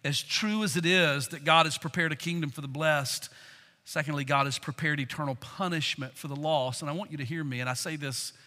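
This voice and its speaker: An older man preaching a sermon, fervent, swinging from loud declarations to hushed passages. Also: fairly high pitch, fairly even intonation, brisk, big-room sound. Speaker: pastor.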